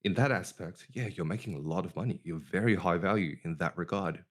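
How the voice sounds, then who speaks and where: A man hosting a casual podcast, talking deliberately with a downward inflection at the ends of his sentences, over an online voice call. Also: low-pitched. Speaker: podcast host.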